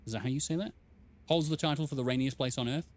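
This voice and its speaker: A man's voice: mid-range voice, fast talker. A man casually commenting while streaming a game, playful and rambling, reading chat aloud.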